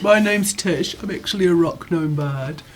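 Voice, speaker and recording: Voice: mid-range voice, normal speed, slight background noise. A player chatting in character during a tabletop game, bubbly and talkative.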